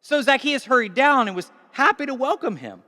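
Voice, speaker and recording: A man preaching a sermon in a conversational, animated way, recorded in a large church hall with long reverb. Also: very high-pitched, a little fast. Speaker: pastor.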